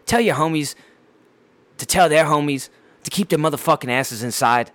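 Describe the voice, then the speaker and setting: A man's voice: a little high, moderate pace, no echo. Profane, rambling male podcast host. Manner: heavy profanity, blunt and animated. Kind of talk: casual solo podcast rant.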